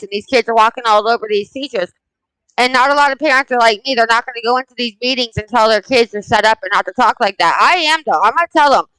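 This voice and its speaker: Woman, forties, blunt emphatic talker, bright crisp voice, dry close sound. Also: a little high, no echo, rough recording. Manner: blunt, emphatic, animated storytelling. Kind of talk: casual chat.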